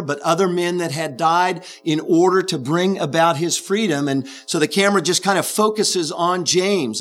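A man's voice: high-pitched, a bit bright. A man preaching a sermon, earnestly retelling a film scene as an illustration.

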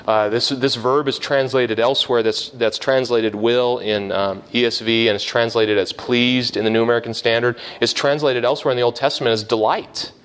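A man leads a Bible class in a somewhat low voice. He explains slowly and carefully, stopping often on fillers and restarting his sentences. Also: a bit bright, slight background noise. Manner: halting, many fillers and restarts, explaining step by step. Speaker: Bible teacher.

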